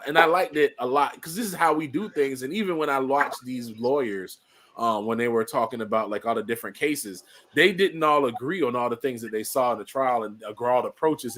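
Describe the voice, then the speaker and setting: A man's voice: fairly high pitch, fairly bright tone. A man chatting in who talks earnestly and rambles, with a lot of fillers. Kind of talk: casual chat.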